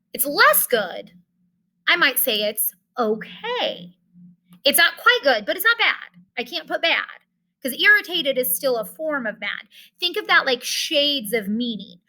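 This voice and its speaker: Woman teacher, bright and a touch high, explains patiently step by step. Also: low-quality recording. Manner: explains step by step, talks directly to students. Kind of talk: online class lesson.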